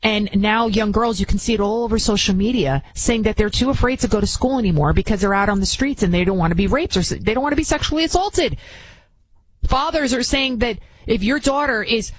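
A woman's voice: on the high side, brisk, slightly rough, no room sound, poor audio. A woman hosting an opinion commentary show, indignant and prone to repeating words when heated.

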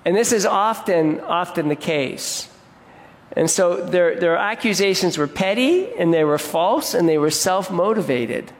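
A man's voice: high-pitched, lively intonation, unhurried. A male pastor preaching an earnest sermon, sometimes acting out complaining crowds in a raised, whiny voice. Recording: long hall reverb.

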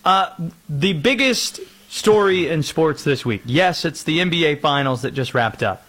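A man hosting a sports show, introducing segments in a steady, measured way. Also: on the high side. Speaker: host.

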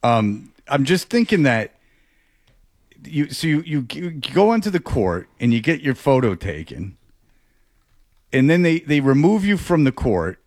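A man's voice: mid-range voice, big pitch swings, measured pace, darkish tone, no room sound. A male sports radio host in casual studio talk, rambling and sarcastic, often restarting his sentences.

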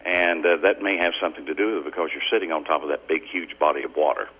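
A man's voice: very deep voice, fairly even intonation, fast, husky, phone-quality sound. A man, calling in to a radio show, chatty and friendly with stumbling restarts. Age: 60s. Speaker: caller. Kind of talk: casual phone chat.

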